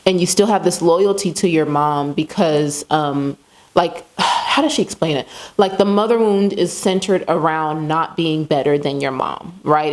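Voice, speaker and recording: Female host, low pitch, conversational self-help monologue, loose and full of asides. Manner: conversational, many fillers and asides. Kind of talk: casual self-help talk.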